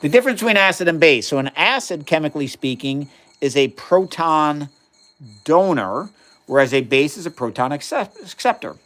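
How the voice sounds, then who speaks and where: Fifty-something guy on a science livestream, kinda high voice, chatty and excited, explaining chem stuff to chat. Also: normal speed. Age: 50s. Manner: enthusiastic, answers viewer chat questions, explains plainly. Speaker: chemistry livestream host. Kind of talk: casual live-stream chat while doing experiments.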